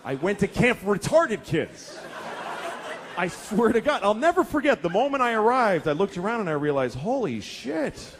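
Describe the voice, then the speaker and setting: Animated, profane man doing stand-up. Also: high-pitched, normal speed, a little hiss or hum. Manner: profane, exasperated storytelling. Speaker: stand-up comedian. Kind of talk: stand-up comedy.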